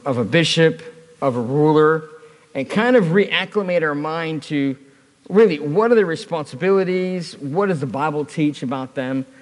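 A man's voice: a little high, long reverb tail. A man preaching a sermon at a church service, telling a personal story in a conversational way with touches of humor.

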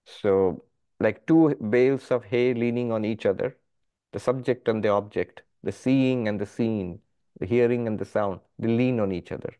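A middle-aged man, a monk, teaching a philosophy class, explaining step by step with lively emphasis. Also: lowish voice, normal speed, smooth. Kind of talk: philosophy lecture.

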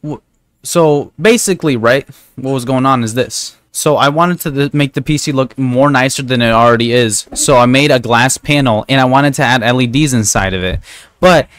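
A man's voice: medium pitch, moderate pace, fairly bright tone, dry recording. A man streaming a game, telling a long rambling story in a casual, profane way, constantly asking "right?". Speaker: gaming streamer. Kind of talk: casual storytelling while gaming.

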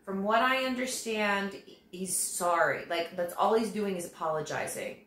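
Giving her viewers a tarot reading, this tarot reader speaks at normal speed in a medium, somewhat bright voice. She's conversational and reassuring, playing out quoted voices as she goes, and her recording carries a roomy echo.

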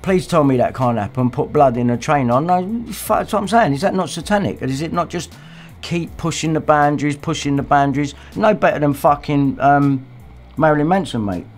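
A man's voice: a little high, moderate pace, faint music behind. A man hosting a livestream, ranting angrily in a profane, abusive way. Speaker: livestream host. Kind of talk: casual rant.

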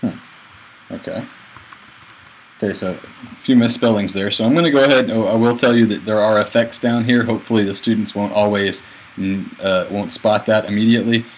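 A male teacher talking through a software tutorial as he clicks, plain and a bit halting. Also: lowish voice, steady tone, a little hiss or hum, rough recording. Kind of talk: screencast tutorial.

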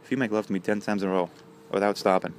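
A man's voice: fairly low pitch, steady tone, very fast, a little hiss or hum, lightly acted. A man voicing a scheming female leprechaun who lays out bargains in a matter-of-fact way. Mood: bargaining. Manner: matter-of-fact deal-making.

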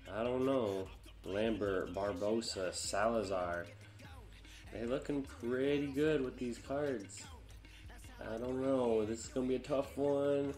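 A man narrates his gameplay in a relaxed, chatty way, groaning and exclaiming at each setback. His voice sits fairly low and he takes his time with the words. Faint music plays underneath him. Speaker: gamer. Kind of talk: casual gameplay commentary.

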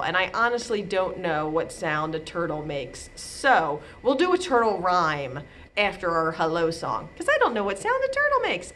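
A woman librarian leading a storytime for babies on a video call, reading aloud in a playful sing-song way with soft asides. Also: on the low side, sing-song, normal speed, slight background noise. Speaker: children's librarian.

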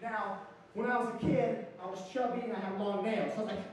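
A man doing a stand-up comedy set, telling stories brashly and shouting out quoted lines. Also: sits high, fairly even intonation, a little fast. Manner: brash storytelling with loud acted-out quotes. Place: comedy stage. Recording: echoey room, mic far off, faint ambience.

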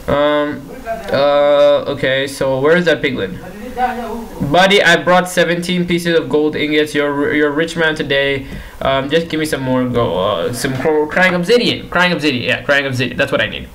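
A man's voice: fairly high pitch, moderate pace, a bit bright, poor audio. A young man giving casual commentary while playing a game, pleading with and teasing the characters on screen and repeating himself in exasperation. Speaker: gaming YouTuber.

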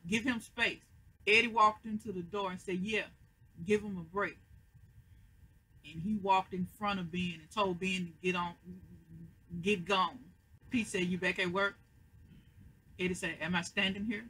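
An American recap host talks through a TV episode at home on a webcam mic. The voice is bright and a little husky. Quoted lines get played out with growing emphasis. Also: medium pitch, rough recording. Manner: retells scenes, acting out quoted lines with rising emphasis. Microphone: computer webcam mic.

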